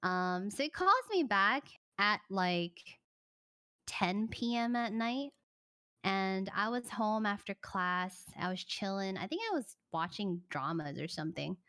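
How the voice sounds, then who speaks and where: Bright-voiced young woman telling a story. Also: medium pitch, a little slow, no room sound, studio quality. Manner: animated, chatty storytelling, breaking off to thank viewers. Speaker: livestreamer. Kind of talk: casual storytelling chat.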